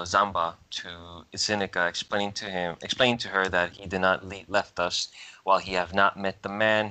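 A man playing a tabletop game, describing his character's plans in halting speech full of fillers. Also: low voice, pushed and bright. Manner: halting, filler-heavy narration. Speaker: player. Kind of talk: casual game table chat.

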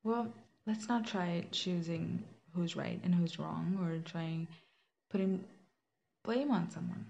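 A young woman with a fairly low, slow, gravelly and slightly mellow voice tells a personal faith story. She speaks earnestly and conversationally, with fillers and restarts, in a reflective testimony. The audio is a bit muffled, with faint hiss in the background.

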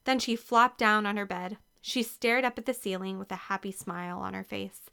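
A woman narrating a children's storybook aloud in a lively, expressive reading. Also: mid-range voice, moderate pace, clean tone. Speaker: audiobook narrator.

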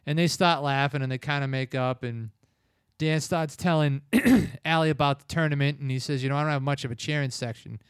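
Man, slightly high voice, smooth and clear, loose rambling recap, dry close mic. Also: moderate pace, no echo. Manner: rambling retelling with filler words. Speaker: film review podcast host. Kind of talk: casual plot recap.

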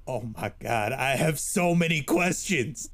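A man's voice: mid-range voice, expressive, unhurried, fairly bright tone, no echo. A man playing his own character in a tabletop game, starstruck and gushing.

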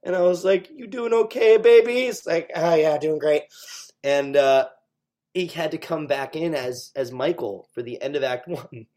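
A man, a stage actor, chatting as an interview guest, animated and full of fillers. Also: a little high, unhurried. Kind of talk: casual interview chat.

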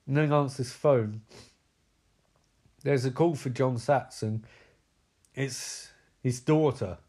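A man's voice: mid-range voice, slow, darkish tone. A man giving a comedic film recap, sarcastic, incredulous and full of swearing. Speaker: movie recap commentator.

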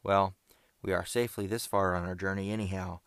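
A man's voice: on the low side, moderate pace, dry recording, clean studio sound, natural voice. A man voicing a cheerful, playful teenage boy adventurer in an audiobook. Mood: cheery. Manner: bright and playful.

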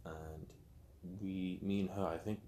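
A man's voice: deep voice, fairly even intonation, measured pace, dark tone, a little hiss or hum. A young man speaking candidly as an interview guest, telling his story openly and acting out quotes with animation.

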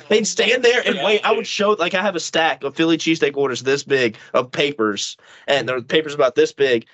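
A man's voice: a little high, a bit bright, no echo. A young man co-hosting a podcast, ranting in casual chat with an incredulous, laughing manner. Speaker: podcast co-host. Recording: dull lo-fi sound.

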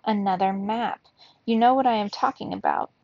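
A woman voicing an excitable, insistent young female mouse in a read-aloud storybook. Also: normal speed, vocal fry, no room sound, lightly acted. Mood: excited. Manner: squeaky, insistent. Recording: dull, lo-fi, dry.

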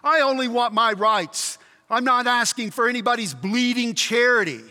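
Man doing a boastful, indignant male ghost, high and sharp, long hall reverb. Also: moderate pace, full character voice. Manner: indignant, argumentative, sulky. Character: blustering, self-righteous male ghost of a working man.

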